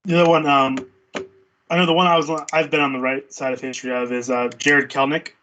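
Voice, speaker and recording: A man's voice: mid-range voice, little pitch movement, fast, bright, forceful tone, slight background noise, rough recording. A man co-hosting a casual baseball watch-party stream, laid-back, laughing easily and trailing off. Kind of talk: casual chat.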